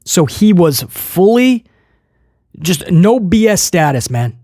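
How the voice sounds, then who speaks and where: A man hosting a casual wrestling podcast, ranting in an animated, incredulous way. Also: sits high, takes it slowly, dry recording, clean studio sound. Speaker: podcast host.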